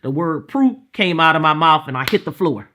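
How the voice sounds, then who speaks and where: A middle-aged woman telling a personal faith testimony in an emotional, storytelling way, acting out quotes, with many fillers and repeats, rising to loud fervent passages. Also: low voice, lively intonation, moderate pace, a little hiss or hum. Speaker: guest sharing her faith testimony.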